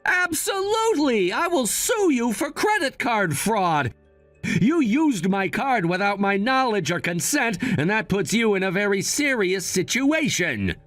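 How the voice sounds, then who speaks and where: A man plays a young adult son in a storybook drama, cool and scheming as he lays out terms. His voice is unusually high for a man and very lively in pitch, close and dry. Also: unhurried, dry recording, faint music behind, heavily acted. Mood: firm. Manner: cool, firm, lecturing.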